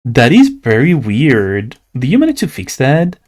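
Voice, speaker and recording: A man's voice: medium pitch, wildly swooping pitch, a little slow, a little mellow. A young man from Latin America with a Latin American Spanish accent, chatting casually and playfully on a livestream while he draws, rambling with lots of "like". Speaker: streamer and artist.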